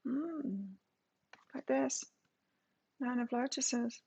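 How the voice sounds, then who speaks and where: A woman's voice: high voice, drawn-out words, creaky, dark tone, husky. A woman doing a live tarot reading, reading card meanings aloud and then musing on them in a casual way. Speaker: tarot reader.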